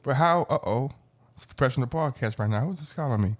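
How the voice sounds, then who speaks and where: A man hosts a podcast full of casual banter, rambling playfully, interrupting himself and often cutting in on others. His medium-pitched voice has lively intonation and a fast pace, recorded in studio quality with no echo.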